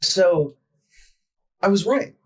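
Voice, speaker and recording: A young man with a husky voice, cursing freely while he rants through a story in casual podcast chat. He talks like a podcast co-host venting to a friend. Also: sits high, animated, extremely slow, low-quality recording. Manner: profane ranting storyteller.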